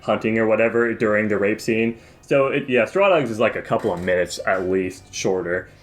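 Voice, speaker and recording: A man's voice: fairly low pitch, fairly quick. A man co-hosting a podcast, summing up a movie in a rambling, profane way and tripping over his words. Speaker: podcast co-host. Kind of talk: casual movie review chat.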